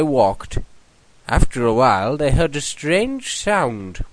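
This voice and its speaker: A man's voice: mid-range voice, big pitch swings, takes it slowly, no room sound, low-quality recording. British man reading a mock storybook. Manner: earnest bedtime-story delivery. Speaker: comedy show host.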